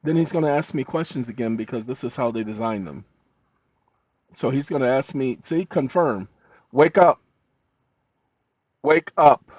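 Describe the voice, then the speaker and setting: A man hosting casual screen-recording commentary, animated and scolding as he talks to a chatbot and his viewers. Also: medium pitch, moderate pace, dry recording. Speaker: channel host. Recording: dull dry lo-fi mic.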